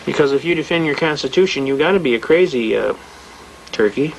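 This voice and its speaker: A man's voice: fairly high pitch, expressive, brisk, vocal fry, slight background noise, rough recording. An older man giving a plain-spoken, emphatic lecture to a live audience, telling anecdotes as he goes. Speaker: seminar speaker on constitutional rights.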